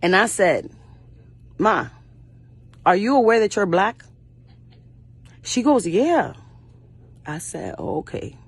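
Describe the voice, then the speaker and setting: Her medium-pitched voice is a bit bright with a breathy edge and no echo as this young actress, a guest in an interview, fiercely and bluntly recounts personal stories. She swears frequently and imitates quoted voices, including her mother's.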